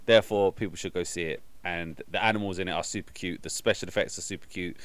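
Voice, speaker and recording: A man co-hosting a casual film review chat, arguing and cutting in with quick rebuttals. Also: sits low, dry recording. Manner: argumentative, quick to interrupt.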